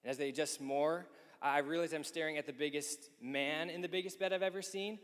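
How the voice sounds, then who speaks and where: A man in his thirties speaking at a youth conference men's session. He tells a lively story and acts out the people he quotes. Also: fairly high pitch, a little fast, smooth. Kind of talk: storytelling talk. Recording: echoey hall.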